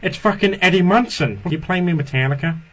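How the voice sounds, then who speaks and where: Brash, foul-mouthed cartoon father done by a man as an impression, voice pitched a little high. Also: a little fast, fairly bright tone. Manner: brash, profane, jokey. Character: male cartoon dad, loud and crude. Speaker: online video chat prankster. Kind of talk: voice impression on video chat.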